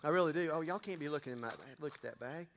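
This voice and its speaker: In a church sanctuary with a hall's long reverb, a middle-aged man preaches a casual sermon, folksy and joking with his congregation. He's a pastor whose voice sits on the high side, rapid-fire and a bit bright.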